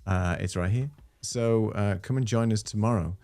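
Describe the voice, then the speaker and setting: Gravelly low-voiced male livestream host. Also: moderate pace, a little mellow. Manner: chatty, easygoing, with frequent fillers. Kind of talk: casual live stream chat.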